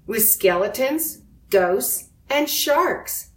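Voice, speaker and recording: A woman's voice: fairly high pitch, drawn-out words, pitched above the performer's own voice. A woman doing an eager, pleading young boy, roomy sound. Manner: excited, rising to shouts. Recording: roomy echo.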